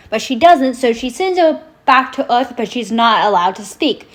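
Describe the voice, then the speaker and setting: A woman with a slightly high, hoarse voice, summarizing a book in a rambling way. She fills her talk with "like" and loose asides. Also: normal speed, few pauses, a little hiss or hum. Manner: rambling, filler-heavy with "like". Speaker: book vlogger.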